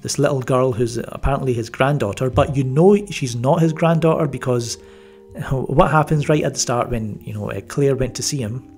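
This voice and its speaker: A man's voice: mid-range voice, moderate pace, darkish tone, soft background music. A man giving a casual spoken movie review, rambling with many fillers and restarts and a wry, mildly sarcastic edge. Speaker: film reviewer.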